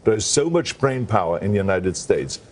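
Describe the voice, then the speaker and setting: A man's voice: lowish voice, big pitch swings, brisk, slight background noise. A man as a guest in a TV morning show interview, talking in an emphatic, upbeat and joking way.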